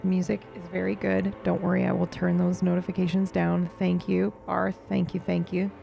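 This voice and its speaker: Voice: medium pitch, completely flat delivery, moderate pace, vocal fry, mellow. A streamer chatting casually through a game playthrough, reacting and swearing casually, talking to viewers. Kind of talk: casual let's play commentary. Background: faint game music.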